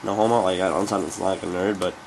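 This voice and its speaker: Low-voiced young man, rambling game commentary. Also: fairly even intonation, fast, creaky, slight background noise. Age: young adult. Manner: rambling and offhand, with frequent "uh" fillers. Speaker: gaming commentator. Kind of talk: casual gameplay commentary.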